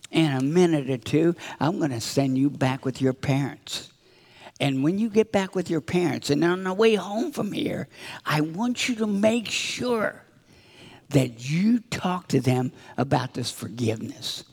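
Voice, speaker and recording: A man's voice: fairly high pitch, creaky, slightly rough. A man giving a children's sermon in a church, telling a story with acted-out voices. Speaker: children's minister. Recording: reverberant hall.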